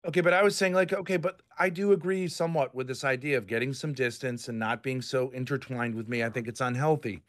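Angry ranting man, bright voice. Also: mid-range voice, fast, few pauses. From Rhode Island, US. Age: 50s. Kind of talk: heated online group chat.

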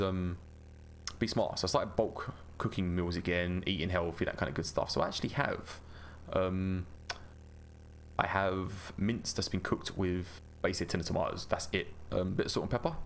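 A man's voice: sits low, brisk, creaky, slight background noise. A man hosting a gaming channel, chatting through gameplay in a rambling, self-mocking way. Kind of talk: casual gameplay commentary.

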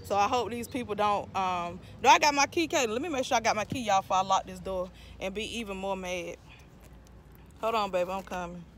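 Chatty North Carolina mom, venting. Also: female voice, medium pitch, brisk, background noise. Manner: talkative, irritated venting, addresses viewers as y'all. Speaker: mom vlogger. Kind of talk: chatty vlog talk to camera. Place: parked car, then inside a store.

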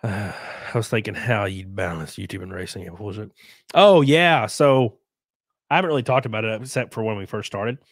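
This American streamer, sick and stuffed up, talks at a moderate pace in a fairly low voice, with no echo in the recording. Loosely going through viewer comments on his casual livestream, he curses and often trails off mid-thought.

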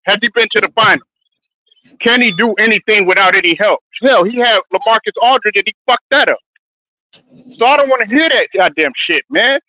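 Loud argumentative man, bright high voice. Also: animated, brisk, no echo, dull audio. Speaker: podcast co-host. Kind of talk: heated sports debate.

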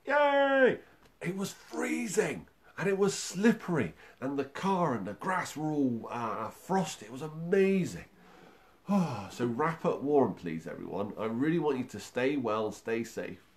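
A man hosting a music livestream for young children, chatting in an upbeat, encouraging way with many fillers. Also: medium pitch. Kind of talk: friendly livestream talk to young children and parents.

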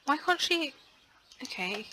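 A young woman narrating her gameplay in a loose, chatty way. She is easily excited and fills pauses with ums. Her voice is bright and crisp, with faint noise in the background. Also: sits high, rough recording. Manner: chatty and excitable, frequent gasps and fillers. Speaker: let's play host. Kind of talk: casual gameplay commentary.

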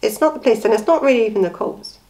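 A woman's voice: on the high side, very fast, darkish tone, low-quality recording. Woman commentator, blunt and indignant, talking straight at the audience. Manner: indignant, blunt, rhetorical questions. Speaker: true crime commentator. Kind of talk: impassioned commentary on a case.

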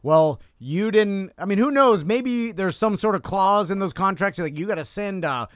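A man's voice: sits high, expressive, normal speed, no echo, studio quality. A man co-hosting a comedy podcast who tells stories in a rambling way, laughing often and agreeing a lot. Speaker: podcast co-host. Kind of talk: casual comedic chat.

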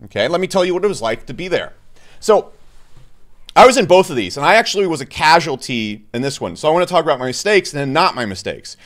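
A man's voice: a little high, very animated, a bit bright. A man giving blunt, opinionated market commentary to camera as a YouTuber, exasperated and mocking the people he talks about. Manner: blunt, exasperated, mocks others in quick put-on voices. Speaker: crypto YouTuber.

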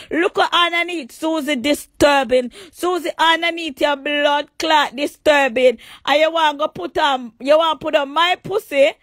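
Jamaican woman, livestream rant, high voice, dry close sound; taunting, crude, shouts at times. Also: no echo. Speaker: livestream host. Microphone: phone.

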